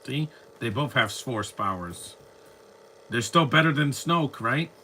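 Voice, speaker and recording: This medium-pitched male voice is expressive and slow-paced, with a sharp tone and slight background noise. Reacting casually to fan films on a live stream, he answers the screen with joking sarcasm and grumbles.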